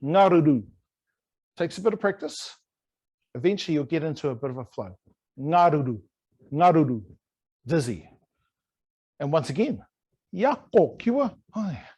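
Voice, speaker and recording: A man's voice: fairly high pitch, big pitch swings, moderate pace, pauses often, a little mellow, husky. A man teaching a language in an online lesson, playful and over-pronouncing words to demonstrate them. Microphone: video call.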